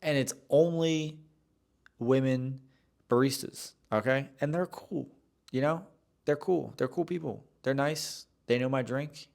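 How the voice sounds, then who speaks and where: A man's voice: medium pitch, measured pace, gravelly, a little mellow. A young man hosting a solo podcast, telling a rambling, self-deprecating story with many restarts. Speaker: podcast host.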